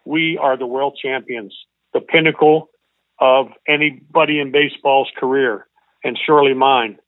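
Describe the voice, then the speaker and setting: An older man, a former baseball coach, telling a long emotional story as an interview guest in an earnest, halting way. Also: medium pitch, fairly even intonation, no echo. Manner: earnest, halting, repeats himself. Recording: tinny phone-like line.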